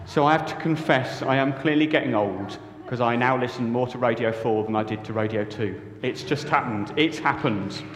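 A man's voice: fairly high pitch, a little hiss or hum. A man preaching in a church, telling a story playfully and leading the congregation with jokes. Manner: jokey, lively, leads the congregation. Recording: echoey church hall.

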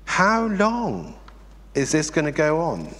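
A man preaching a sermon in a conversational, animated way, asking the congregation rhetorical questions. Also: fairly high pitch, slow. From England. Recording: long reverb in a hall.

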